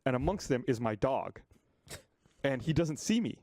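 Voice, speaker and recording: A man telling a story on a podcast, animated and swearing freely. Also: mid-range voice, normal speed, dry recording, clean studio sound. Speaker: podcast regular. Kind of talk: casual storytelling. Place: podcast studio.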